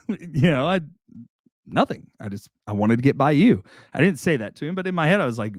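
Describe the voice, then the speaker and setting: A chatty man tells a casual, self-mocking anecdote, circling back and repeating himself as he goes. His voice sits at an ordinary middle pitch. The sound is dry and close, with no room echo. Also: animated, fairly quick, darkish tone. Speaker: salesman telling a work story. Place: indoor room.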